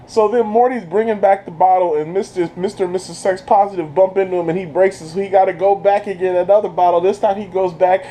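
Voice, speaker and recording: A man giving an excited, casual recap as a video reviewer, breaking into laughter and breathless from it. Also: high-pitched, a little hiss or hum, poor audio. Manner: keeps breaking into laughter while retelling.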